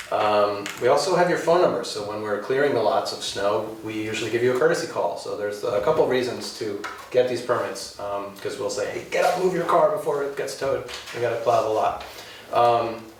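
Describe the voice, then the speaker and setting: A man giving announcements at a village board meeting, speaking in a halting way with many ums and uhs. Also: on the low side, a little hiss or hum. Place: village hall meeting room. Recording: echoey room, distant mic.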